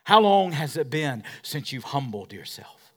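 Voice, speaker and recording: A man preaching a sermon, swinging between shouted emphasis and hushed asides, using repetition and call-and-response. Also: medium pitch, big pitch swings, a little slow. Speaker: pastor.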